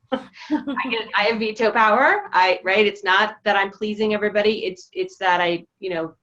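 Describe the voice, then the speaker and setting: A woman sharing her feelings over a group video call, halting and reflective with many pauses and restarts. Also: medium pitch, a bit bright, lo-fi sound. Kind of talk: casual personal sharing.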